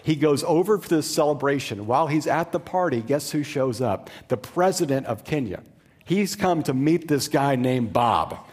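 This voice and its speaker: A male pastor tells a story from the pulpit in a relaxed, conversational way. He drops in casual asides as he goes. His voice sits slightly higher than most men's. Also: moderate pace, breathy edge, long reverb tail. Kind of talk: storytelling sermon.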